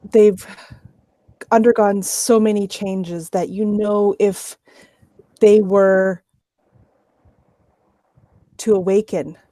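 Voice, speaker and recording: A woman running a tabletop game as game master, narrating scenes in a measured way. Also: mid-range voice, dark tone, no room sound.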